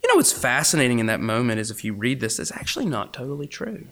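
A campus minister delivers a sermon, his medium-pitched voice moving fast. He swings between loud, animated emphasis and hushed whispers.

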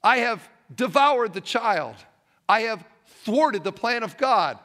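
A man voicing a triumphant, scornful male devil who shouts gleeful taunts. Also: very high-pitched, lively intonation, takes it slowly, long reverb tail, pitched above the performer's own voice, full character voice. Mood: gloating.

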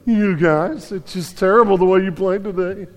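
A man imitating a gruff, hard-nosed male coach with a cartoon bear-like voice, in a slow scolding drawl. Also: high-pitched, close to an everyday voice. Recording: long reverb of a large hall.

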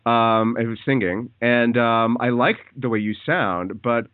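A man hosting a casual phone interview, talking in a hesitant, halting way with many fillers. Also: mid-range voice, no room sound. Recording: tinny phone line, dry.

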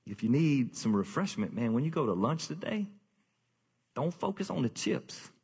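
Husky preaching man in a reverberant hall. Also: moderate pace. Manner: animated, jokey preaching with sudden high-pitched bursts. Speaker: pastor. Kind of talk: sermon.

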